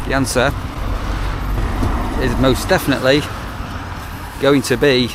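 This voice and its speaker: A man's voice: mid-range voice, fairly even intonation, measured pace, long pauses, noisy background. A man, a campsite warden chatting casually in a rambling vlog with wry asides. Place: on the move, outdoors and in a car.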